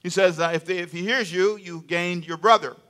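Older preacher with a bright, forceful voice. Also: male voice, high-pitched, steady tone, brisk. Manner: call-and-response preaching, asks congregation to answer aloud; conversational, repeats phrases for emphasis. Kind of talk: sermon.

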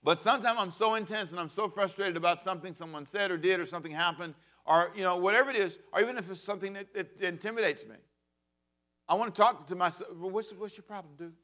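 A man in his fifties preaching a sermon as pastor, swinging between loud bursts and hushed asides. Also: sits high, quick pace. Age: 50s.

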